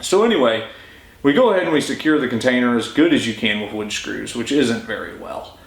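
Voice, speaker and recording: A man's voice: mid-range voice, fairly quick, creaky. Chatty man telling a story in a roomy space. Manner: informal, chatty, lively retelling. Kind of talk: casual story-time narration. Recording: roomy echo.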